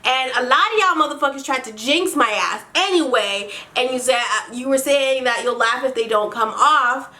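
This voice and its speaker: High bright-voiced woman ranting a storytime. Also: normal speed, few pauses. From Canada. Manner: profane, dramatic, ranting. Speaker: vlogger. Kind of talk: casual storytime vlog.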